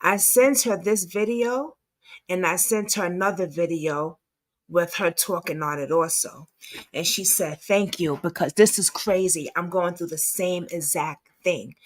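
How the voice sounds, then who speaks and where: A woman's voice: fairly low pitch, measured pace. A woman hosting a commentary channel, chatting casually while reacting to clips.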